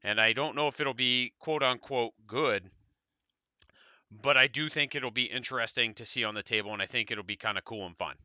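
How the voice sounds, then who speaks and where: American dude rambling casually, swears a bit, dry close sound. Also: male voice, medium pitch, moderate pace, bright, forceful tone, no echo, dull audio. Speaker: podcast co-host. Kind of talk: casual tabletop wargame discussion.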